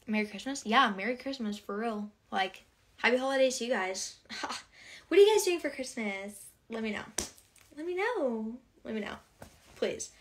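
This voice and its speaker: A woman's voice: on the high side, fairly bright tone. A young woman hosting a casual livestream, chatting to viewers and reading out comments in a bubbly, rambling way full of filler words.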